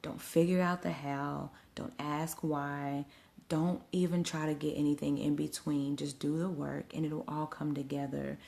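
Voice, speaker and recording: Woman host, low voice with vocal fry, chatty storyteller talking to her livestream viewers at home. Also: little pitch movement, measured pace, dark tone. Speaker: event host and live streamer. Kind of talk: casual livestream recap. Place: at home at night. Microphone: phone livestream.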